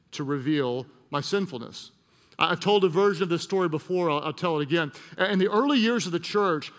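Man, middle-aged pastor, sermon, high bright voice, animated storytelling, long church-hall reverb. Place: church auditorium.

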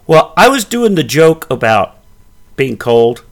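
A man's voice: on the high side, big pitch swings, unhurried. A middle-aged man co-hosting a podcast, teasing and rambling with restarts in casual chat. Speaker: podcast co-host.

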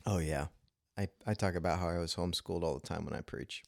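A man talks through his thoughts on a casual podcast, circling back and restarting as he goes. His voice sits low, and the recording is dry and close with almost no room sound. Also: steady tone, fast, vocal fry, no room sound. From United States. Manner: rambling, frequent restarts, laughs while telling anecdotes. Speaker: podcast co-host. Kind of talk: casual conversation.

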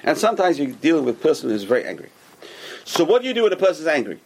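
A man teaching a Torah class as a rabbi, animated and repetitive, who keeps asking rhetorical questions and answering them himself. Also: fairly high pitch, rapid-fire, slightly rough.

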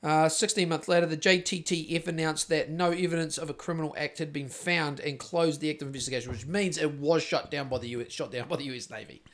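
High-voiced New Zealand man, rambling podcast host. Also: steady tone, fast talker, few pauses, fairly bright tone. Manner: rambling, sweary, jokey. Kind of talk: casual chat.

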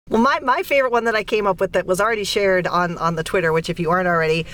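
A woman co-hosting a casual hockey podcast, playful and quick to laugh as she leads the segments. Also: fairly low pitch, steady tone, a bit bright, a little hiss or hum. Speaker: podcast co-host.

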